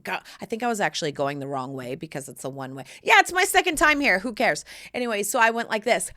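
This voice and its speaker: A woman podcast host from Texas, telling stories in a sassy, animated casual chat. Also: medium pitch, fast, hardly any pauses. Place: studio or home set, shooting video.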